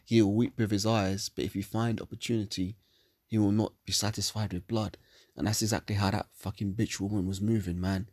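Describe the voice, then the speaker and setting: A man's voice: lowish voice, level tone, fairly quick, darkish tone, no echo. A man reading scripture verses solemnly and breaking into profane, angry commentary. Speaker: religious commentator.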